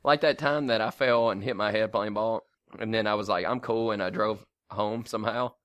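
A man's voice: on the low side, steady tone, moderate pace, a bit bright, clean tone, no echo. A man co-hosting a podcast, telling loose stories and swearing casually. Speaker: podcast co-host.

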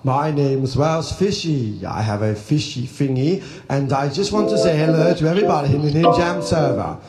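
A man voicing a chatty, friendly male Welsh fish with slow, sing-song greetings, heard over loud live guitar. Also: a little high, voice pushed up, close to an everyday voice. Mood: chirpy. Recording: roomy mic with loud guitar. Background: loud live guitar music.

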